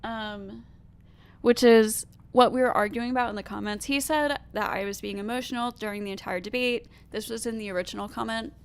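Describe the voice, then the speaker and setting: Woman with a stuffy nose going through comments on her vlog, a bit gravelly but smooth, measured, lots of ums. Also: a little high, fairly even intonation. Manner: measured, reads replies aloud with pauses and fillers. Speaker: commentary video host. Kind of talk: reading comments and replying.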